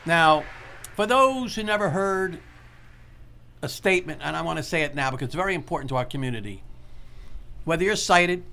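A man hosting a call-in radio talk show, talking in an earnest, motivational way and repeating key points slowly. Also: a little high, lively intonation, vocal fry, pushed and bright.

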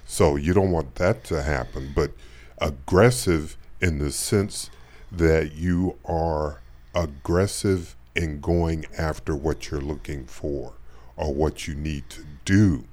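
A man with an extremely deep voice who speaks slowly and deliberately. He lays out his points step by step in a relaxed radio talk show chat. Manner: measured, explains things step by step.

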